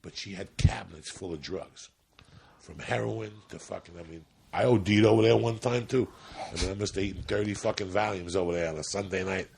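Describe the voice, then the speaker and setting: Gravelly deep-voiced man telling a story. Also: brisk, a little mellow, slight background noise. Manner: profane, rambling, low-key. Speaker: podcast guest, comedian. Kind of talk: casual storytelling.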